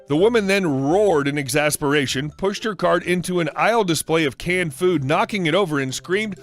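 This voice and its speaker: A man's voice: fairly high pitch, expressive, normal speed. A man narrating online stories in a matter-of-fact, scripted style. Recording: faint music underneath.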